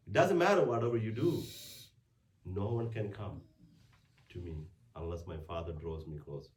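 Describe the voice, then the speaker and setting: A man's voice: fairly low pitch, expressive, moderate pace, darkish tone, slight background noise. A man preaching a conversational weekday homily as a priest, with frequent restarts and rhetorical questions. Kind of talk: sermon. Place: church. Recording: roomy church sound from a distant mic.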